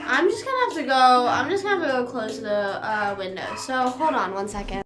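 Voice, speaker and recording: A woman's voice: fairly high pitch, expressive, brisk. A young woman streamer rambling in casual chat at home, with lots of fillers. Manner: rambling and chatty, with frequent fillers. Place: home room. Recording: roomy echo, faint music behind.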